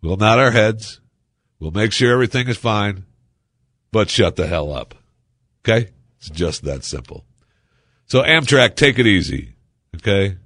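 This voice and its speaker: Male talk radio host, low-pitched, dry studio sound, ranting and digressive. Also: animated, unhurried, pauses often, fairly bright tone, dry recording. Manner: ranting, exasperated, rambling asides.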